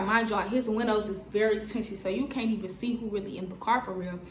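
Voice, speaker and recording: A woman in her twenties telling a story on her vlog in a lively, slangy way, full of "like" fillers. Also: mid-range voice, fairly quick, hardly any pauses, roomy sound, slight background noise. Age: 20s. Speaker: vlogger. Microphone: on-camera mic.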